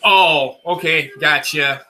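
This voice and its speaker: A young man talks over a wrestling match for his audience in a casual, profane running commentary. His voice sits a little high and rings bright and forceful. He is blunt and excitable, with swearing in nearly every line. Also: slow, rough recording. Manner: blunt, swears constantly, enthusiastic. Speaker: host watching wrestling with viewers.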